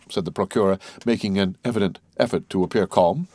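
A male narrator reads a classic novel in an even, measured manner. His voice sits low and is recorded close and dry, with no room sound. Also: no room sound. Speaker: audiobook narrator.

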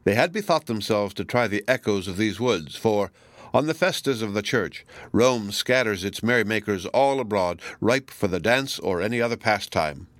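A man reading a novel aloud as an audiobook narrator, with measured, even delivery. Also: on the low side, dry recording. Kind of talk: scripted narration.

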